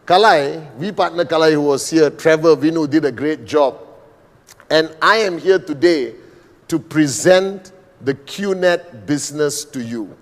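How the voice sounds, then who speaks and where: A middle-aged man from Malaysia giving a motivational business presentation, speaking slowly and deliberately with frequent "all right" and "okay". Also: fairly high pitch. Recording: long hall reverb.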